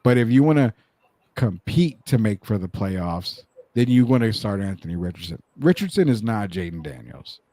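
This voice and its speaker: Low-voiced sports co-host rattling off stats. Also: male voice, very animated, moderate pace, warm tone, no room sound, studio quality. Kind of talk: casual sports debate.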